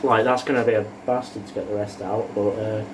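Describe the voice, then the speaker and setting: A man's voice: on the low side, fairly even intonation, fairly quick, recorded from a distance, background noise. A young man cooking lasagna and talking it through with dry, rambling, sweary jokes, in an echoey kitchen away from the mic. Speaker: co-host cooking. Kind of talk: casual cooking chat. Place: home kitchen.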